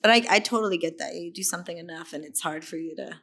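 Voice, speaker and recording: A woman from East Los Angeles, an actress chatting as a guest, who lively acts out her own reactions in quoted voices. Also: lowish voice, quick pace, vocal fry. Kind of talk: casual chat.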